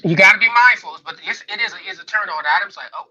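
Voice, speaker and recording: A man's voice: sits high, very fast, bright, forceful tone. A man chatting casually as a guest, rambling and repeating himself, heard through a headset mic. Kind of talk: casual podcast chat. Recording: muffled headset audio.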